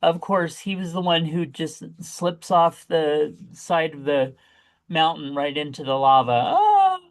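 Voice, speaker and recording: A man in casual podcast chat, his voice sitting a bit high for a man. He talks in an animated way and his pitch leaps way up whenever he gets excited or exclaims. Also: measured pace. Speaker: podcast co-host. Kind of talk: casual chat reviewing a movie.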